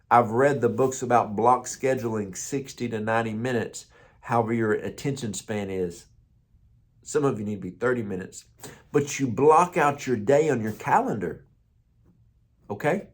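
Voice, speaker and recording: A man who is a pastor, giving a conversational motivational morning talk with stories and repeated words. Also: mid-range voice.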